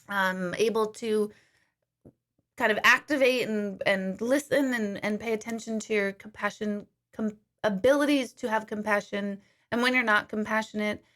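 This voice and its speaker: Middle-aged woman hosting a casual livestream; bright, lively, chatty, a bit profane. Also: fairly high pitch. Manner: chatty, animated, swears casually. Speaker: livestream host, medium. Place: home kitchen.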